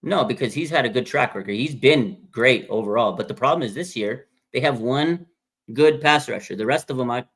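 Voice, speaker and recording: A man's voice: mid-range voice, animated, a little fast, fairly bright tone, breathy edge. A man co-hosting a casual sports talk show, pushing his view bluntly and insistently at his co-host. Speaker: podcast co-host.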